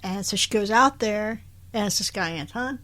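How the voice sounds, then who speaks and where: A woman's voice: mid-range voice, moderate pace, a bit bright. A woman co-hosting a podcast, recapping a show in casual chat, laughing often and acting out the characters' lines. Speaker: podcast co-host.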